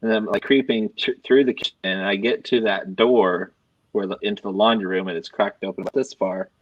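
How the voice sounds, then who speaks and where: A podcast co-host with a lowish voice talks a little fast, casually spinning a long, rambling story for friends and acting out the quotes with animation. There's no echo, and the recording sounds dry, dull and lo-fi.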